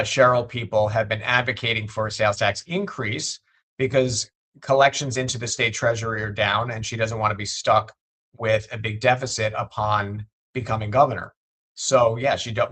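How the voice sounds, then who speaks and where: A man who is a state legislator, a guest on a political interview show, making his points in a measured way and often repeating words as he builds them. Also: on the low side, bright, forceful tone.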